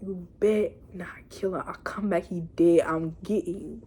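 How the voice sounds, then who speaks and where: Girl imitating a chill low-voiced guy vampire, hushed and steady. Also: fairly quick, close to an everyday voice. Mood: threatening.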